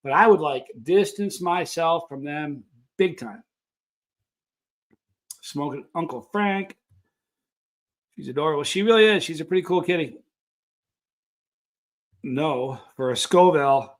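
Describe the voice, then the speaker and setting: A man's voice: fairly high pitch, measured pace, long pauses. A man hosting a live chat stream, rambling casually and greeting viewers by name. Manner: rambling, animated, reads out viewer names. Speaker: livestream host.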